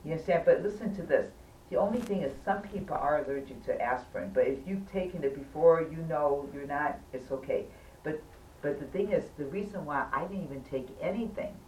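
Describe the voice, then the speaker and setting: A woman with a low, slightly mellow voice casually recounts her hospital stay as a patient, speaking emphatically and insistently and always urging the listener to hear her out. The mic is distant, the room echoey, and faint noise lingers.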